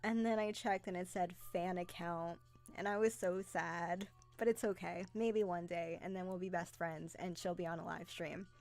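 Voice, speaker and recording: A young adult woman hosting a casual live stream, chatty and excitable, greeting viewers by name as she talks. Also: lowish voice, normal speed, faint music behind.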